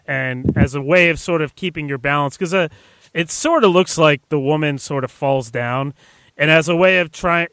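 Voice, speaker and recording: A man with a slightly raised voice, analyzing games in a casual sports chat. He hedges often and works through his thoughts out loud. The recording is close and dry. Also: a little high, clean tone, no echo. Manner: analytical, hedging with "I mean". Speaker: co-host and editor.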